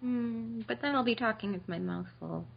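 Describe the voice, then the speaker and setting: A woman's voice: a little high, moderate pace, vocal fry. A woman joking playfully and teasing her friends in a casual group chat. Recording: dull lo-fi online call audio.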